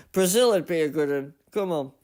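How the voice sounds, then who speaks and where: A man streaming a racing game live, muttering commentary to himself and breaking into loud self-mocking outbursts. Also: on the high side. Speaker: gaming streamer.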